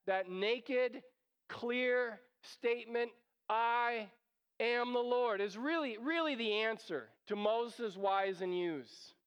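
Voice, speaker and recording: Male pastor, high clear voice, conversational teaching style, reverberant church hall. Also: dull audio. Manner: conversational, explains scripture with emphatic repetition. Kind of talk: expository sermon. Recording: long reverb of a large hall.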